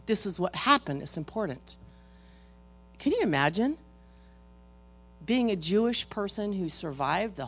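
A woman preaching a sermon in a folksy, animated manner, with joking asides to her congregation. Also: medium pitch, slightly rough.

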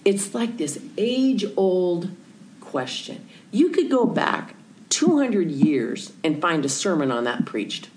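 A woman with a fairly low voice tells a story in casual conversation. She acts out the people in it and drops to near-whispers at times. A faint hiss sits behind her. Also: big pitch swings, slow, darkish tone, rough recording. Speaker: Christian speaker telling a story.

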